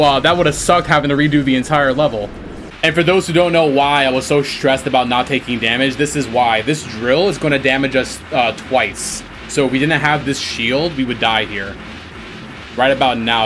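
A man giving excited commentary while playing a video game, swinging between calm explanation and shrieking, laughing panic, swearing a lot and boasting jokingly. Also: mid-range voice, background noise. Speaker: gaming YouTuber.

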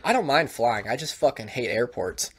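A man's voice: mid-range voice, very animated, moderate pace, a bit bright, husky. A man, co-hosting a podcast, telling stories in a casual chat and swearing a lot. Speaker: podcast co-host.

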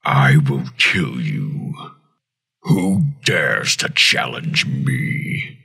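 A man doing an impression of a giant commanding male robot leader through a processed voice effect with tightened bass. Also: very animated, extremely slow, pushed and bright, exaggerated voice. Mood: threatening. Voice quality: booming, gravelly.

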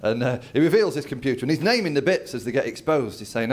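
A man's voice: mid-range voice, animated, fast talker, hardly any pauses, darkish tone. A man doing a stand-up comedy routine on stage, telling a story and acting out other people's lines. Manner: storytelling, acts out his dad's lines. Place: comedy venue with a live audience.

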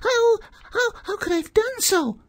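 A stammering, trembling little lamb. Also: male voice, very high voice, expressive, unhurried, no echo, clean studio sound, pitched above the performer's own voice, exaggerated voice. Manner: stuttering, frightened pleading.

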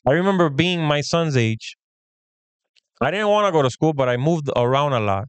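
A man's voice: on the high side, moderate pace, clean tone, no room sound. A man in his thirties co-hosting a podcast, telling a story in casual chat and acting out the quoted lines of the people in it. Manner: animated, acts out quoted dialogue. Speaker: podcast co-host.

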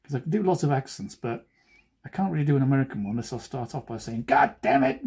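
A man's voice: medium pitch, animated, quick pace, mellow, husky. A man who is a cartoonist, talking casually while he draws and making joking, self-deprecating asides. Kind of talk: chatty drawing commentary.

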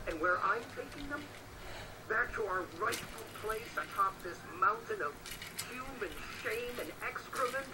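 A man's voice: high voice, animated, a little slow. An actor playing a scheming male villain in a video game, gloating and contemptuous as he taunts a rival. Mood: menacing gloat. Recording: game audio played through speakers, noisy.

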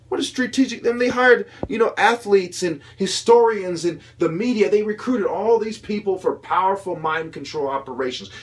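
A young man delivering a heated, profane political rant, mocking the people he criticizes in put-on voices. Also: sits high. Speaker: video commentator.

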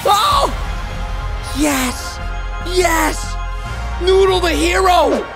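A young man hosting a reaction video, excitable and loud, often laughing and shouting as he comments. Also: extremely high pitch, extremely slow. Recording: music playing underneath.

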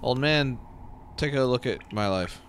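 A man hosting a let's play, commentating his gameplay in an excitable, self-mocking way. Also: medium pitch, measured pace, a little hiss or hum. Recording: game music behind the voice.

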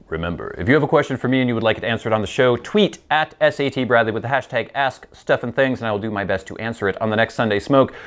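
A man hosting a pipe-smoking show, chatting casually as he answers viewer questions, rambling and poking fun at himself. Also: mid-range voice. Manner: rambling and self-deprecating, with many fillers.

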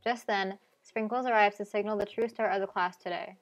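A woman narrates a video game aloud on a live stream, wry and playful, tossing in asides between lines. Faint music runs underneath, and her pitch sits at a middling level. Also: fairly even intonation, a little fast.

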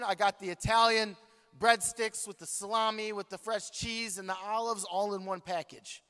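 A man preaching a sermon, telling a story with jokes and calling out to the congregation. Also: high voice. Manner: animated, joking, talks to the congregation. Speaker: pastor. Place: large church hall. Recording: long hall reverb.

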